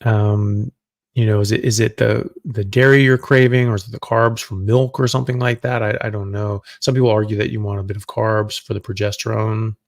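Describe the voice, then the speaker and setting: A middle-aged doctor with a low, gravelly voice hosts a live Q&A stream, speaking loosely and thinking out loud. His tone is level and brisk, and the sound is dry and close with no room noise.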